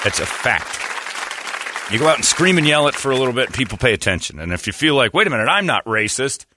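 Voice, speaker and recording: A man's voice: mid-range voice, sing-song, fast talker, bright, forceful tone, a faint crowd, a little hiss or hum. A man hosting a casual comedy podcast, talking in a crude, mocking way and laughing often.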